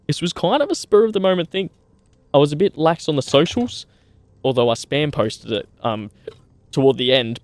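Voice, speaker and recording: A man's voice: mid-range voice, clear, resonant tone, no room sound. A young Australian man chatting with his livestream viewers outdoors by a campfire. He is laid-back and matey, swears a lot and calls people mate. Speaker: streamer. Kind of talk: casual livestream chat with viewers.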